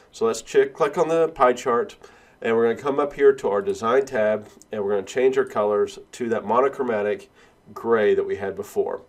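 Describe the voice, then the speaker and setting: A man instructor giving a screen-recorded software tutorial, explaining each click step by step and correcting himself along the way. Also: medium pitch. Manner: steady step-by-step walkthrough, self-correcting.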